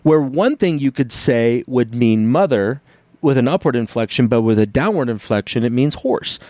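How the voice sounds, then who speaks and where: A podcast co-host in a casual chat, this man speaks at medium pitch and normal speed with no room sound. He explains things animatedly, acting out different tones and inflections as he goes.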